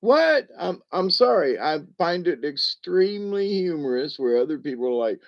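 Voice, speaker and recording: Reading his viewers' chat, a seventies-aged livestream host speaks in a high, sing-song voice at moderate speed, captured in muffled audio. His casual talk rambles and restarts, punctuated by frequent chuckles.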